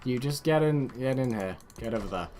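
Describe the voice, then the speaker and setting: A man narrating a strategy game as he plays it, swinging between excited shouts and low mutters while ordering his troops around. His voice sits at a middle pitch, and faint keyboard clatter runs underneath. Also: brisk, slight background noise. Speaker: let's play host. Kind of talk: gameplay commentary.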